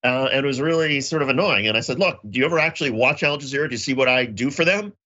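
Bright-voiced man telling a story. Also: medium pitch, very fast, muffled recording. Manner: storytelling, acts out quoted voices. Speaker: co-host. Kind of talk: casual podcast chat. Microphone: remote call.

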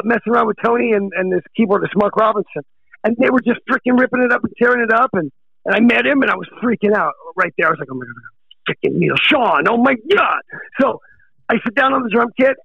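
A middle-aged American rock drummer being interviewed, excitable, laughing often and calling people dude. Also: male voice, high voice, gravelly, slightly rough, no echo, lo-fi sound. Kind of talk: casual interview chat.

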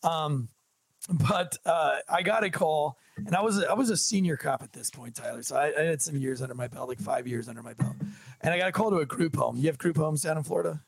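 Man, police officer, casual podcast storytelling, gravelly, husky, dry close sound. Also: on the high side, brisk, no room sound. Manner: animated, jokey storyteller, acts out dialogue.

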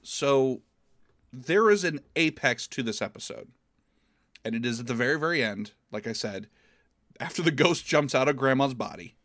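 A man's voice: mid-range voice, expressive, a bit bright, no echo, clean studio sound. Profane, sarcastic man recapping an episode. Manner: profane, sarcastic, acts out characters in quick quotes. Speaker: podcast co-host. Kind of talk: casual chat, recapping an episode.

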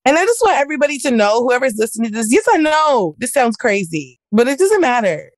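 A woman's voice: fairly high pitch, sing-song, fast, dry recording. A woman hosting a podcast, chatting casually and acting out both sides of an argument as she tells a story. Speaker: podcast host. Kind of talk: casual chat.

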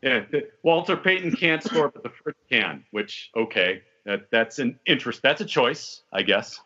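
A man's voice: medium pitch, expressive, normal speed, sharp tone, slightly rough. A man hosting a podcast in casual sports chat, wry and talkative with joking asides. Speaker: podcast host. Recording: dull lo-fi audio.

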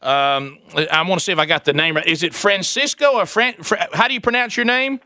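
Bright-voiced joking radio host. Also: male voice, high voice, brisk, no echo, clean studio sound. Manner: laughing, joking, protesting. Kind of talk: comedic morning radio banter.

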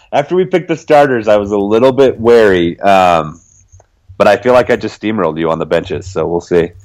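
A young man co-hosting a casual podcast, relaxed, laughing often and dotting his talk with fillers. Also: lowish voice, moderate pace, dry recording, poor audio. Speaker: podcast co-host.

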